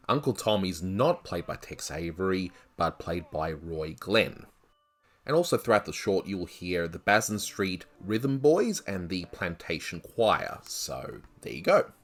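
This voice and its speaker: A man's voice: low-pitched, sing-song, a little slow, a bit bright. A man talking through a review of an old cartoon, in a conversational way with asides and hedges. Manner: conversational, thinking aloud with asides. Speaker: animation reviewer. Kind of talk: video review commentary.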